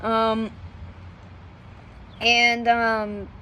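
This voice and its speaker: A woman's voice: fairly high pitch, little pitch movement, very slow, bright, forceful tone, a little hiss or hum, poor audio. A woman vlogger telling history in a casual, hesitant way, with many fillers and self-corrections, often laughing at herself. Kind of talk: casual unscripted storytelling.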